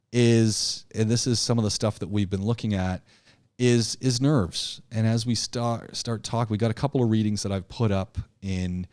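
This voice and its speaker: A man teaching an online public speaking class, talking in an animated, emphatic way, often repeating himself and restarting his sentences. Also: lowish voice, dry recording. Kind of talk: live online class lecture.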